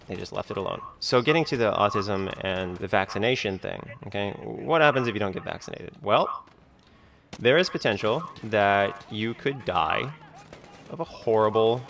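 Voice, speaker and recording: A man's voice: lowish voice, fairly bright tone, slight background noise. A man talking in a rambling vlog monologue, full of fillers like "like" and "you know". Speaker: video creator being reacted to.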